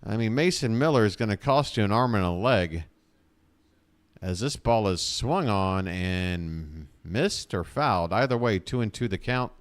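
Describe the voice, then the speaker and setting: A man's voice: fairly low pitch, expressive, unhurried, smooth. A man streaming live fan play-by-play of a baseball game, calling the action with joking asides and bursts of ranting.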